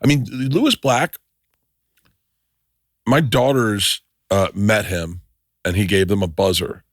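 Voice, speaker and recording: Low-voiced excitable male podcast host. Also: takes it slowly, no echo, studio quality. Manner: profane, excitable storyteller. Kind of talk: casual chat with ad read. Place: podcast studio.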